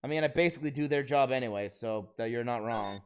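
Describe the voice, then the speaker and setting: A man's voice: medium pitch, quick pace, a little hiss or hum, lightly acted. Man reading a sarcastic young lawyer. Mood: dry. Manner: sarcastic, dry. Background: video game music.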